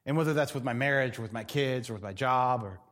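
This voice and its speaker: A middle-aged man preaching a sermon as pastor, animated and acting out the voices he quotes. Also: medium pitch, quick pace.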